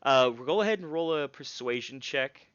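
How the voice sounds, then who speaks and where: A man runs a tabletop game in a casual, halting narration with a lively, shifting pitch. The recording is dull and lo-fi, with a dry sound. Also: smooth, no room sound. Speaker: game master.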